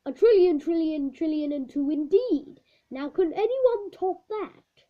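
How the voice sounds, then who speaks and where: A woman voicing an old male maths teacher who lectures loudly and gets irritated easily. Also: unhurried. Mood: amused. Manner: loud, lecturing, rising pitch. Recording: dull lo-fi recording.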